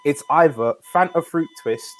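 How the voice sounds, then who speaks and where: A man's voice: a little high, normal speed. A man in a casual podcast chat, emphatic in his opinions.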